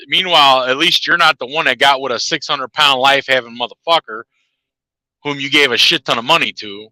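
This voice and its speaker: A man's voice: medium pitch, bright, forceful tone, dry recording, poor audio. A man ranting in a heated, profane monologue to his viewers, laughing at his own jabs. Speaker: channel host.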